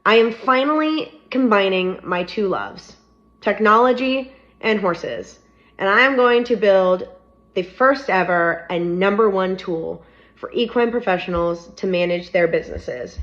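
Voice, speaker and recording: A woman's voice: medium pitch, unhurried, a bit bright. A young woman speaks frankly and upbeat, in a casual storytime to camera. Her voice sits in a middle range, and the audio is a little dull and muffled. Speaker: startup founder.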